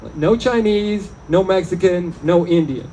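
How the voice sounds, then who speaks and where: A man's voice: sits high, measured pace, dark tone, a little hiss or hum, low-quality recording. A man doing a stand-up set in a small club, chatty and wry, riffing with the crowd. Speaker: stand-up comedian. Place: small bar or club, live show.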